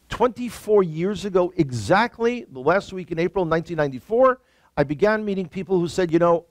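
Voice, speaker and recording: A man with a New York accent chats as a guest, his voice swinging widely in pitch as he jokes. The sound is dry and close, over a video call. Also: dry recording. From the Bronx, New York. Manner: animated, joking asides. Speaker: guest, tour guide. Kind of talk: casual conversation.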